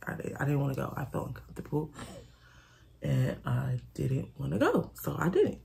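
Gravelly woman telling a candid storytime. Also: sits low, sing-song, normal speed, warm tone. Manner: candid, swearing, repeats herself, quotes friends dramatically. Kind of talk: casual storytime vlog.

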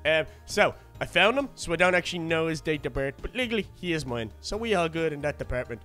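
An Irish man, a gaming YouTuber, talking excitably with many fillers in a playful game role-play. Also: on the high side, faint music behind. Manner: excitable, quick, full of fillers.

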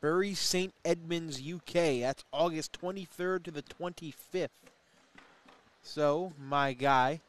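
A man doing casual, joking commentary on a cornhole match while he has the hiccups. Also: fairly high pitch. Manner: chatty, joking, quick asides about the play. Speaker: play-by-play commentator.

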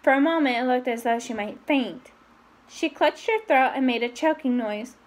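High-voiced woman reading a novel aloud. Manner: reads quickly with asides, raising pitch for quoted voices. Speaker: reader. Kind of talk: casual read-aloud of a novel with chat.

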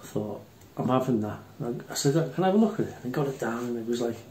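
A man's voice: mid-range voice, animated, fast, warm tone, slight background noise. An older Englishman telling rambling, blunt, swear-filled army anecdotes in casual chat. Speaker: airgun channel host. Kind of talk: casual storytelling. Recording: roomy echo.

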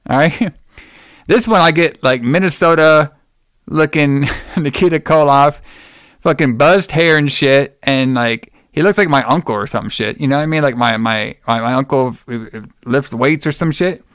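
Smooth-voiced rambling podcast host, man. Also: on the high side, normal speed, a bit bright, no room sound, studio quality. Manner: rambling, laughing, swears freely. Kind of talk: casual podcast chat.

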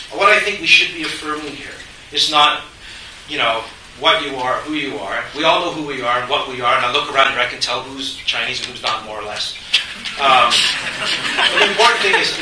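A middle-aged man, a panelist at a university forum, talking in an animated, joking, conversational way. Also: mid-range voice, recorded from a distance. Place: university lecture hall. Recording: echoey hall from afar, faint hiss.

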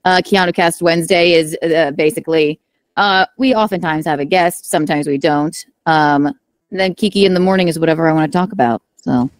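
Young woman, low-pitched, dry close sound, careful enunciation, chatty. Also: a little fast, no echo. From South Carolina, USA. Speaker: streamer, guest. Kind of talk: casual chat.

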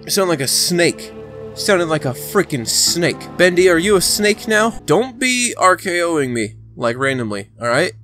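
A man giving casual let's play commentary, excitable and talking to the game character, sometimes breaking into shouts. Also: sits high, measured pace, faint music behind. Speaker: gaming channel host.

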